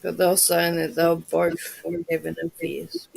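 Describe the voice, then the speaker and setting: A woman's voice: lowish voice, level tone, slow pace, vocal fry, darkish tone, low-quality recording. A woman with a New Zealand accent, hosting a casual livestream chat with viewers, blunt and swearing freely. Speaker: livestream host.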